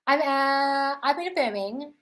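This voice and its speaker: A woman's voice: high voice, expressive, a little slow, a bit bright. A woman with an Australian accent hosting a casual live-stream Q&A, reading viewer comments aloud and answering them in a chatty way, swearing freely and calling viewers darling. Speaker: host answering viewer questions.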